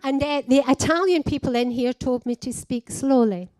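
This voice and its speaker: An older woman with a Scottish accent giving a slow, heartfelt personal speech at a conference. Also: high-pitched, darkish tone, no echo. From Scotland. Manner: slow, simple heartfelt phrasing. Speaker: conference speaker living with dementia. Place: conference hall.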